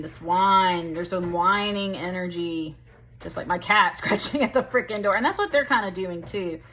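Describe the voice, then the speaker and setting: Talking directly to the listener as "honey" and "baby," a tarot reader chats her way emphatically through a casual reading. Her voice sits fairly low in pitch but has a bit of brightness.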